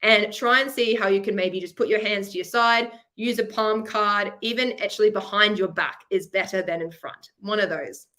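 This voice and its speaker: A woman's voice: mid-range voice, normal speed, few pauses, bright, forceful tone. A woman with an Australian accent presenting a webinar masterclass for students, chatty and encouraging, explaining with examples over a webcam. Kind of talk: upbeat teaching webinar.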